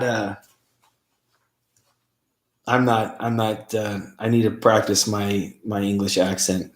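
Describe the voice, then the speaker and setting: A man's voice: on the low side, fairly even intonation, measured pace, pauses often. A man hosting a casual livestream, rambling and laughing as he reads viewer comments. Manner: rambling, laughs often, many fillers. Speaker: paranormal show host. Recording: roomy echo.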